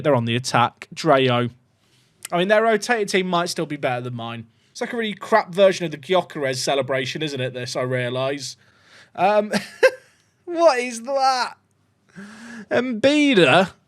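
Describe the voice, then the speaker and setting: Excitable male gaming commentator who shrieks at chances, wildly animated delivery, dry close sound. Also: a little high, no room sound. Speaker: gaming YouTuber. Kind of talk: live football-game commentary.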